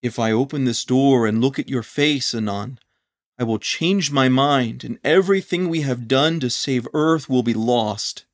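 A man voicing a grieving heavenly father who speaks slowly and gravely. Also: mid-range voice, close to an everyday voice. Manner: slow, heavy, grave.

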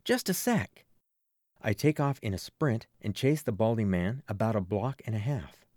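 A man narrating a first-person audiobook with expressive storytelling. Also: lowish voice, normal speed, no echo, studio quality.

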